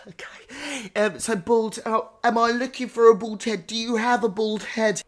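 A woman hosting a comedy podcast, playing a psychic with theatrical calls and hushed whispers. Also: on the high side, fairly even intonation, moderate pace. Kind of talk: improvised comedy psychic reading.

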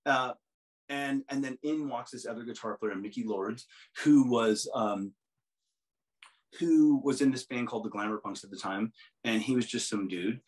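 A man's voice: medium pitch, moderate pace, a little mellow, low-quality recording. Rambling middle-aged man telling stories. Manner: rambling anecdotes with restarts, mimicking others' voices. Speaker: musician guest. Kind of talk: casual storytelling interview.

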